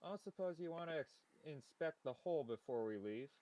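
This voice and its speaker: A man's voice: on the high side, animated, fairly quick, close to an everyday voice. A wry male adventurer, as a man plays him at the table, posing dry, teasing questions. A faint hiss sits under the recording.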